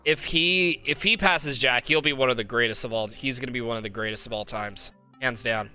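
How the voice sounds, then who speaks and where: Young man, podcast host, bright forceful voice, rambling and excited, faint music underneath. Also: mid-range voice, a little fast. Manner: rambling, enthusiastic, many fillers and restarts. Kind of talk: casual live-stream podcast talk.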